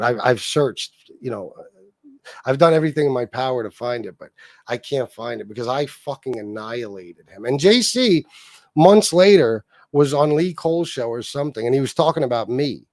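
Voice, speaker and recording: A man's voice: medium pitch, darkish tone, no echo. A man hosting a casual livestream rant, swearing freely and mocking someone as he reads comments from chat. His voice sits in a middling register and sounds close and dry, with no room around it. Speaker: livestream host.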